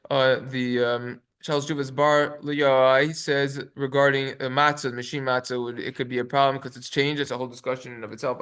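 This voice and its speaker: A man's fairly high, fairly bright, smooth voice carries this rabbi's halachic class. He goes quickly, reading the Hebrew sources out loud and then translating them with lots of fillers.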